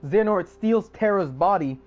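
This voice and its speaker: A man's voice: high-pitched, animated, moderate pace, dull audio. A man streaming live, recapping a story casually in slangy, profane, rambling talk. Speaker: livestreamer.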